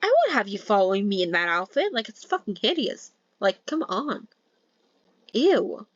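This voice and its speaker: A woman's voice: medium pitch, big pitch swings, moderate pace, dry recording, dull audio. A woman voicing a bossy, short-tempered young male mafia heir who barks scornful orders.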